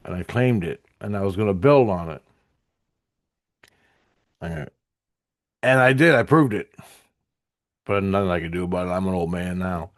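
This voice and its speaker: Low-voiced, profane rambling man. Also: no room sound, clean studio sound. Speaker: vlogger recounting spiritual visions. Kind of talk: casual storytelling to camera.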